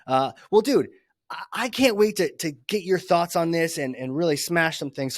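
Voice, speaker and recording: A man's voice: fairly high pitch, animated, moderate pace, dry recording, studio quality. A man hosting a podcast, talking in a hyped, playful way with casual swearing and banter. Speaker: podcast host. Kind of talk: energetic podcast interview.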